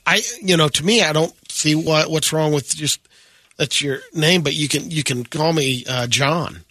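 Bright-voiced radio co-host man. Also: a little high, normal speed. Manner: casual, agreeable, dry jokes. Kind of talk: morning radio banter.

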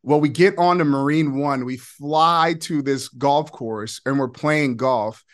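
A man in his forties telling a personal story as a podcast guest, excited, with quick bursts and laughing asides. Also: medium pitch. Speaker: podcast guest, former player. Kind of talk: animated storytelling.

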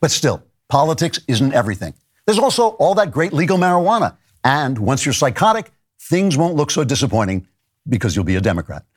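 A man's voice: a little high, very animated, a little fast, husky. A middle-aged man hosting his own show, delivering a satirical commentary monologue with dry, mock-serious jokes. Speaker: show host.

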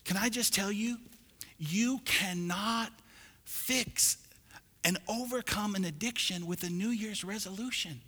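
A male pastor preaching a sermon, calling on the congregation to repeat after him and building to loud exhortation. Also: high voice, unhurried. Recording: long hall reverb.

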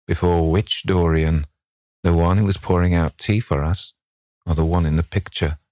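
A man's voice: deep voice, fairly even intonation, normal speed, dark tone, dry recording, studio quality, close to an everyday voice. A man voicing a witty, cynical Victorian aristocrat who drawls out languid epigrams.

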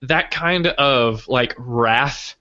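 A man's voice: medium pitch, extremely slow, highs cut off. A man chatting casually about a film, laughing often and acting out lines from it. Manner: animated, laughs often, quotes characters.

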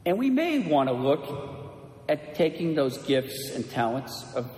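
A man preaching as a priest, telling a story in a slow, measured way before turning it into a lesson for his congregation. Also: on the high side, sing-song, darkish tone. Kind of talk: sermon. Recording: echoey church with long reverb.

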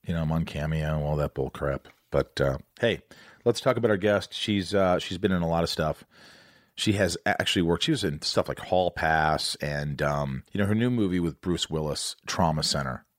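A man's voice: sits low, normal speed, no echo, studio quality. An American man hosting a podcast, talking in a rambling, joking, loose interview style. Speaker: podcast host. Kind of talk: casual interview chat.

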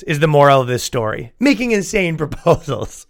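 A man hosting a comedy podcast, telling stories in an animated, exasperated rant. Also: on the high side, normal speed, vocal fry, few pauses. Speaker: podcast host. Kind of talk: comedic storytelling.

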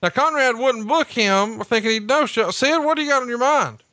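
A man co-hosts a podcast in a high, bright, smooth voice, teasing and cracking profane jokes. The sound is dry and close. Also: lively intonation, normal speed, dry recording. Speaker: podcast co-host. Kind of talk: casual podcast chat, mock commentary.

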